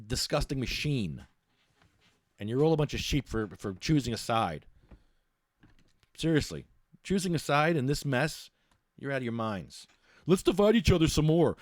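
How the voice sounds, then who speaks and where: Male podcast host, casual ranting monologue, lively pitch, stumbles and restarts. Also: dry recording, clean studio sound. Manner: rambling, blunt, with many restarts and fillers.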